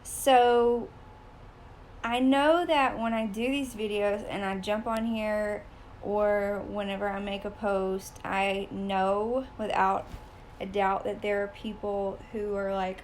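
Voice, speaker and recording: A woman in her thirties talking straight to her viewers in a personal vlog, hesitant and full of pauses, close to tears. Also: medium pitch, steady tone, a little hiss or hum. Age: 30s. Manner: hesitant, many ums, fighting back tears. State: emotional, close to crying. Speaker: vlogger.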